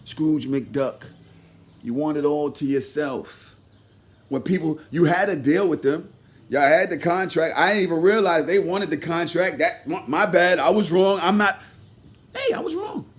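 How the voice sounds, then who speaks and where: A man giving a heated, profane commentary rant, swinging between loud shouting and low muttered asides. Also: a little slow. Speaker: commentary vlogger. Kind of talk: ranting commentary.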